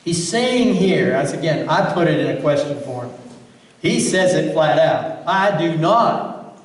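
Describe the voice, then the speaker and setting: An earnest male pastor preaches to his congregation, pressing his points home with pointed rhetorical questions. His slightly high voice carries through a big, echoey church hall, picked up from some distance away with a long reverb trailing each phrase. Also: animated, unhurried. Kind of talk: sermon. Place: church sanctuary.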